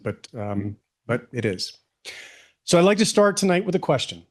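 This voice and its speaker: A middle-aged man giving a public history lecture, relaxed and conversational with many ums and rhetorical questions. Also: medium pitch.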